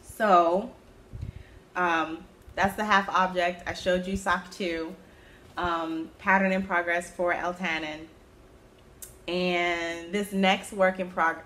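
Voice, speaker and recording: Chatty woman with a low voice. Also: takes it slowly, a bit bright. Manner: chatty and self-amused, with sudden high-pitched exclamations. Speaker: knitting podcast host. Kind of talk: casual chat.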